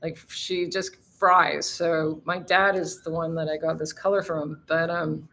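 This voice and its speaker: Woman, live-stream host, bright tone, chatty, cussing, laughs a lot. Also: sits low, little pitch movement, measured pace, vocal fry. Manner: chatty, swears freely, laughs often. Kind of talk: casual live-stream chat with viewers.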